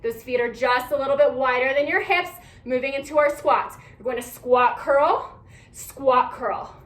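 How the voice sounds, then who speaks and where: Young woman leading a workout, high voice, counting reps, a bit breathless, roomy sound from off mic. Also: normal speed, fairly bright tone. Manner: upbeat coaching, counting down reps. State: a little out of breath. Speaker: fitness instructor. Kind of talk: workout class cueing. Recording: echoey room, mic at a distance.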